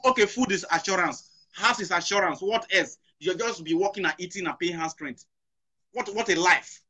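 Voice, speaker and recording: A man's voice: high voice, moderate pace, bright, forceful tone, breathy edge. A middle-aged man with a Nigerian accent hosting a talk show, talking emphatically, repeating his questions and mixing in Pidgin. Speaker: host. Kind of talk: impassioned talk show discussion.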